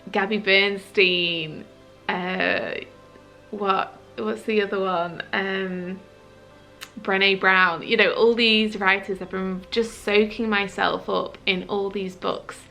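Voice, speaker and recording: A woman's voice: mid-range voice, fairly even intonation, slow, bright, forceful tone, faint music behind. A woman sharing a personal vlog in a hesitant, earnest way, often searching for her words. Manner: earnest and heartfelt. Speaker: vlogger.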